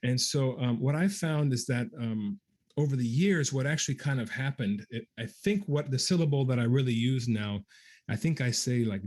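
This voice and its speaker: A man, a guest trombonist, answering viewer questions in a casual livestream, pausing with many ums and scatting practice syllables aloud. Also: medium pitch, a little mellow.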